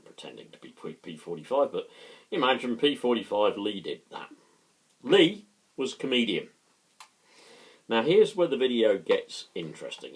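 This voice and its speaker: A man's voice: lowish voice, breathy edge. Impassioned man ranting to camera. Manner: impassioned, pointed, talks straight to the viewer. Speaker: political vlogger. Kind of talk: political commentary to camera.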